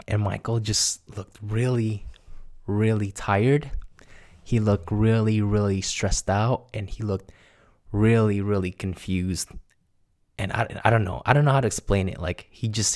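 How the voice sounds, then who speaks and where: A young man casually telling a true spooky story to his viewers, animated and laughing as he acts out what people said. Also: lowish voice. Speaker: storyteller vlogger.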